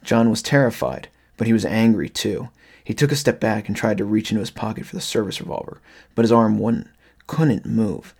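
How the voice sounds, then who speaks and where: Husky low-voiced man narrating horror. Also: fairly quick, a little mellow.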